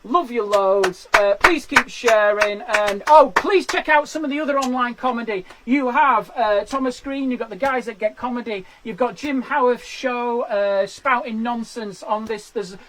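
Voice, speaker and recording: A man's voice: very high voice, normal speed, hardly any pauses, background noise. A man, a stand-up comedian, chatting and laughing through the end of his live-streamed show from a garden shed into a webcam. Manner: chatty, self-deprecating, laughs at his own lines.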